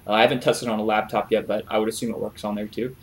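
A young man casually explaining a video game trick over a replay, relaxed, with frequent filler words. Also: lowish voice, fast talker. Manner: relaxed, many "uh" fillers, chuckles. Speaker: gaming video creator.

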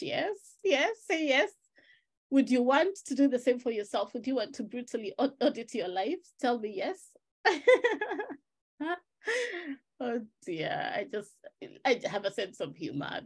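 A woman life-purpose coach giving an animated webinar talk, often asking "right?" and reading out viewers' names and chat replies. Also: medium pitch, husky. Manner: animated, testimonial, keeps checking in with "right?".

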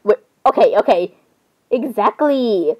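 A woman's voice: a little high, lively intonation, unhurried, lo-fi sound. Giggly, rambling young woman. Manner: rambling, giggly, self-interrupting. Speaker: vlogger. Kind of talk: casual chat over screen browsing.

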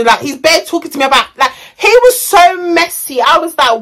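A woman's voice: high voice, sing-song, a little fast, hardly any pauses, a bit bright. Chatty young woman. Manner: chatty, slangy, rambling. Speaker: vlogger. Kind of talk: storytime vlog.

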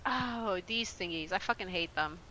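A woman's voice: fairly low pitch, lively intonation, moderate pace, sharp tone, slight background noise, poor audio. A woman streaming a video game, chatting casually in a rambling, profane way and laughing often. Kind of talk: casual chat while playing a game.

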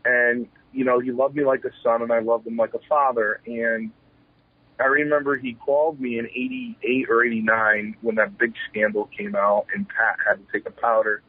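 A man's voice: mid-range voice, flat delivery, moderate pace, husky, no room sound. A man in his forties, a retired pro wrestler, telling candid stories in an interview. He speaks with animation, acts out old exchanges, and often restarts his sentences. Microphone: telephone. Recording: tinny phone line.

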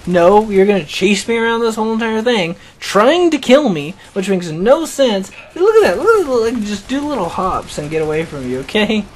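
High-voiced young man joking through gameplay. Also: big pitch swings, normal speed, few pauses, slight background noise. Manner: rambling, joking, laughs at his own jokes. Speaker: gaming channel host. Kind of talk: casual gameplay commentary.

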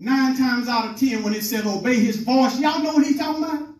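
A man's voice: very high-pitched, brisk, a little mellow. A man preaching to his congregation, retelling scripture in plain, informal talk and calling on his listeners to follow along. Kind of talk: teaching sermon. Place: meeting room with a congregation. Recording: echoey room, voice from far off.

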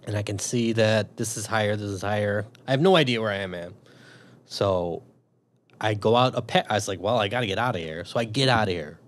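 A Chicago man, an army veteran and police officer, tells a long story in a casual interview with a fairly low voice and a slightly fast pace. He swears freely and animatedly acts out what he was thinking back then.

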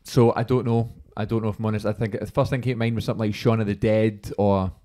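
A Scottish man hosts a relaxed podcast chat. His voice sits low and he talks quickly, tripping over his words and circling back as he thinks out loud. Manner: chatty, hesitant, restarts often. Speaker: podcast host. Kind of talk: casual chat.

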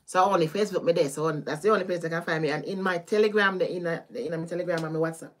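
A woman with a Caribbean patois accent, a tarot reader chatting casually with her live-stream viewers, animated, laughing and swearing freely. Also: fairly low pitch, very fast. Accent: Caribbean, Jamaican-style patois.

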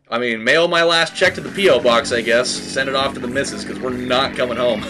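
A man giving casual gaming commentary. He rambles, swears, fills every pause with "like" and "dude", and shouts at the game when it goes wrong. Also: mid-range voice, background noise. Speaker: let's play host.

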